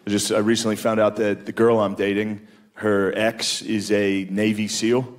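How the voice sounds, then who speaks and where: A man's voice: on the low side, flat delivery, moderate pace. A man in his thirties doing a stand-up comedy set, telling loose, profane, self-mocking stories on a comedy club stage. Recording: live club set with crowd noise. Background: audience laughter.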